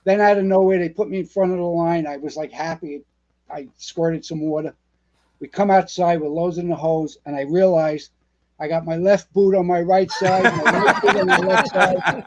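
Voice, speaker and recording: Brief: a retired fire captain in his sixties, Bronx-born, New York accent, higher-pitched voice, swears freely while telling old stories. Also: normal speed, dull audio. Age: 60s. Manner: salty, profane, animated storyteller. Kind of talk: storytelling interview.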